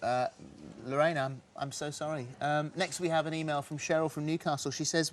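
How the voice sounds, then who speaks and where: Jolly male TV host reading viewer letters in a studio, fairly high voice. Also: flat delivery, a little fast, hardly any pauses. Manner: jolly, giggly, breezy. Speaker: host of a charity TV marathon.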